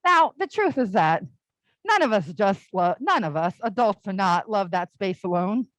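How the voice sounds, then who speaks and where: A woman's voice: mid-range voice, expressive, moderate pace, dry recording, rough recording. A young adult woman giving a conversational all-ages sermon at a church service, telling stories casually and often saying "like". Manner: casual, storytelling, with frequent "like" fillers.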